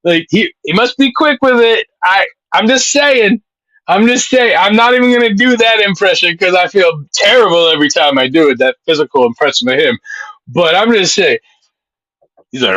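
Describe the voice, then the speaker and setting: A man chats live with his stream audience, rambling from point to point and reading their comments aloud. His voice has a sharp, bright edge, and he swears freely. He sounds close and dry, with no room behind him. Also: high-pitched, moderate pace, no echo, highs cut off. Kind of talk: casual live-stream chat.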